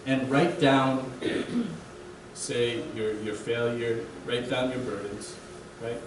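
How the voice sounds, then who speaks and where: A man's voice: mid-range voice, steady tone, slow. Young man preaching in an echoey church. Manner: casual, keeps asking "right?". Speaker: guest preacher. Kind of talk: conversational sermon. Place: church sanctuary. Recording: echoey hall, distant mic, faint hiss.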